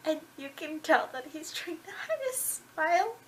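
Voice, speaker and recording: A woman's voice: sits high, very animated, normal speed. A young woman reviewing a book in a casual vlog, bubbly and gushing with lots of filler words. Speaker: book vlogger.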